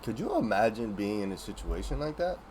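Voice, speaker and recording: A man's voice: on the low side, big pitch swings, fairly quick, darkish tone, slight background noise. A man streaming live, reacting to a true-crime clip with blunt, profane commentary.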